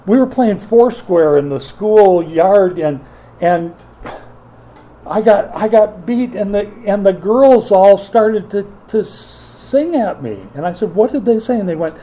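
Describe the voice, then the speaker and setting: A middle-aged man preaching a sermon as pastor, lively and playful, acting out taunts and quoted voices. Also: high voice, a little hiss or hum, low-quality recording.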